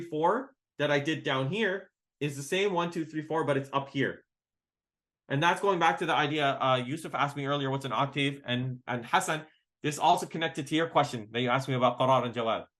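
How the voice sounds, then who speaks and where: A man's voice: a little high, a bit bright. A man teaching a casual online workshop on melodic modes, counting notes aloud and singing short examples. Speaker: maqam teacher.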